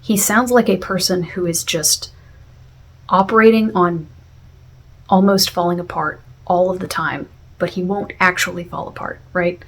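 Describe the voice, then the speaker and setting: A woman's voice: lowish voice, fairly even intonation, measured pace, breathy edge. A woman talking through a series review in a casual, reflective way, with many fillers and restarts. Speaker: video essayist.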